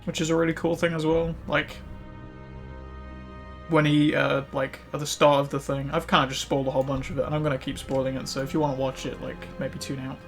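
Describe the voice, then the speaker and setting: Streamer, male, casual rambling chat, slightly high voice, faint music underneath. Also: flat delivery, a little fast, vocal fry. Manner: rambling, many fillers like "like". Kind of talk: casual chat while gaming.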